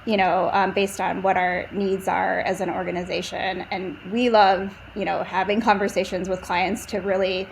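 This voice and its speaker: A woman's voice: medium pitch, little pitch movement, normal speed, creaky, few pauses, a little hiss or hum, poor audio. A woman from a marketing agency speaking as a podcast guest, thoughtful and rambling, with many fillers. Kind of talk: casual podcast interview.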